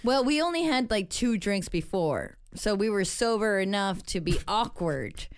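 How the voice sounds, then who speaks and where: A woman's voice: medium pitch, expressive, unhurried. A woman on a casual podcast chat, rambling through a story with lots of fillers, restarts and laughs.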